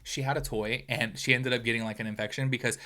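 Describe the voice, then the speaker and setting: Guy ranting about drama gossip, bright voice, keeps saying y'all and sorry. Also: mid-range voice, quick pace. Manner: animated, exclamatory, apologetic asides, uses "y'all". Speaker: commentary YouTuber host. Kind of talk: gossip commentary.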